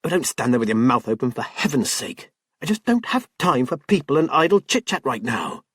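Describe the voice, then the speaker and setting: A man's voice: medium pitch, sing-song, brisk, breathy edge, dry recording, studio quality. A man voicing a stressed, overworked woman who snaps impatiently and then breaks down, in an audiobook. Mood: irritated. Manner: sharp and impatient, turning tearful. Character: tense overworked woman artist, snappish.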